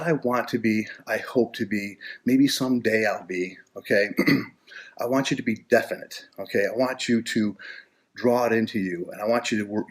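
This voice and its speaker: A man giving a motivational coaching talk, earnest and repetitive, ending almost every phrase with "okay?" and often clearing his throat. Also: lowish voice. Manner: repetitive, earnest, with many restarts. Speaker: life coach.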